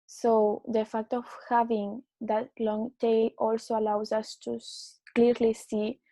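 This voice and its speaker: A woman giving a class presentation as a student, explaining in a steady way. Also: fairly high pitch, slow pace, no room sound, low-quality recording.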